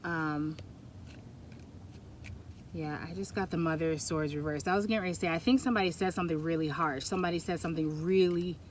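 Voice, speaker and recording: A woman gives a pick-a-pile tarot reading in a fairly low voice. She rambles and stops herself often, and her talk turns emotional. A Bluetooth mic picks her up over a faint background hiss. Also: fairly even intonation, fast. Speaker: tarot reader.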